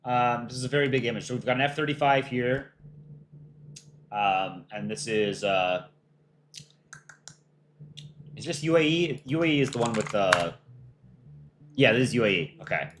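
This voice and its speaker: A man hosting a casual livestream for a cartoon channel, reading viewer questions and thinking aloud in a relaxed, offhand way. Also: medium pitch, normal speed, pauses often, a little hiss or hum. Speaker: livestream host for a countryball animation channel.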